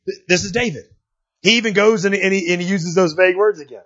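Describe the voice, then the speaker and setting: A man preaching a sermon in a folksy, animated way, often checking in with the congregation. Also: sits high, fairly quick, slightly rough, dull audio. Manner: folksy, animated preaching with frequent "right?" asides. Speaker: pastor.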